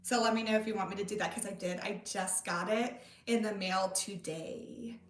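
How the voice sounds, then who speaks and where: A woman's voice: mid-range voice, fairly even intonation, moderate pace, distant mic. A woman in her thirties hosting a casual livestream, bubbly and gushing as she chats with viewers. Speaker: livestream host. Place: home room. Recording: echoey room, away from the mic.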